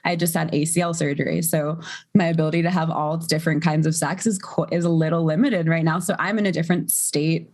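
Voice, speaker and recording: A woman sex coach, a podcast guest, explaining things in a relaxed, flowing way full of "like" and "you know". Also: low voice, quick pace. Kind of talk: casual podcast interview.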